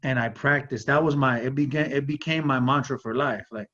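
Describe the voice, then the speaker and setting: Speaking briskly with few pauses, a talk show's podcast host earnestly tells a personal story, sprinkling in frequent "like"s and "you know"s. His medium-pitched voice is a bit bright and steady, and the recording sounds slightly muffled.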